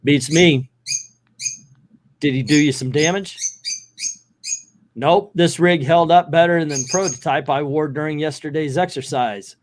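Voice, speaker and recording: Man reading comics aloud, slightly high voice. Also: measured pace, long pauses, slight background noise. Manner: reads dialogue aloud with playful voices and laughs. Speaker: comics channel host. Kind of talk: casual comic book read-through.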